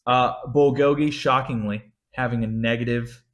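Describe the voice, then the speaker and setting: A man's voice: medium pitch, normal speed. A young man hosting a casual sports betting show, talking picks with frequent swearing and heated rants. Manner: profane, ranting, animated. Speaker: sports betting podcast host.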